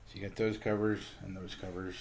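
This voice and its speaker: A man hosting a casual book review, talking in a relaxed, halting way with lots of ums and uhs and frequent chuckles. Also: deep voice, slight background noise. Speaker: book reviewer, channel host.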